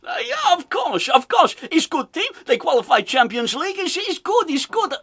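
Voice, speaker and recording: A man's voice: very high voice, sing-song, moderate pace, creaky, pushed and bright, pitched above the performer's own voice, full character voice. A man putting on a mock Dutch-accented English voice, imitating a football manager with exaggerated broken English. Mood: gushing.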